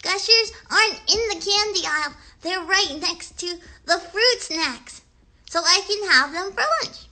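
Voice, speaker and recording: A woman's voice: very high-pitched, a little slow, pushed and bright, full character voice. A woman voicing a chatty little girl puppet who hosts a children's show and rambles to young viewers with lots of hesitations.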